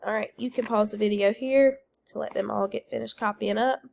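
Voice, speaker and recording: A woman's voice: medium pitch, steady tone, a little fast, gravelly, darkish tone, a little hiss or hum. A woman teacher leading children through a phonics lesson on video, calling out words, drilling answers and praising them, while feeling unwell. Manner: leads call-and-response drills, praises answers.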